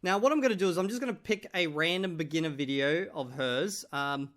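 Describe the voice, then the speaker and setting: A man's voice: fairly high pitch, a little fast, fairly bright tone. Chatty upbeat male vlogger. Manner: chatty, jokey, addresses viewers as guys. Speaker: language-learning vlogger. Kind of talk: casual talk to camera.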